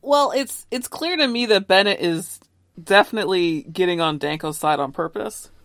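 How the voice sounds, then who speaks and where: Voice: mid-range voice, normal speed, a bit bright, dry recording, clean studio sound. A co-host recapping plot in casual chat, chatty and quoting characters' lines along the way. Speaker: podcast co-host.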